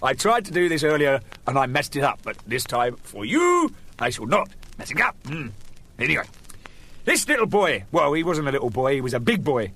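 A middle-aged Englishman rambles through a comic monologue, mocking himself as he goes. His voice sits a bit high and swings all over the place. He keeps the tone light and jokey. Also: sing-song, a little fast, fairly bright tone. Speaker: host.

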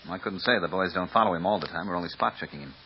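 A brisk, businesslike police lieutenant. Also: male voice, deep voice. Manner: matter-of-fact, businesslike. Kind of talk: 1950s radio drama acting. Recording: muffled old radio recording with hiss.

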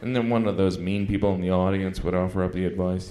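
A man from Indiana doing a stand-up comedy routine, animated and slipping into character voices. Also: deep voice, fast talker. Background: audience laughter.

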